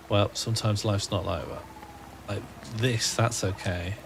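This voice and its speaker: Gravelly low-voiced man, musing. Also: steady tone, measured pace, background noise. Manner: musing, rambling self-talk, wry. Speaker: streamer. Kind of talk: casual gaming livestream chat.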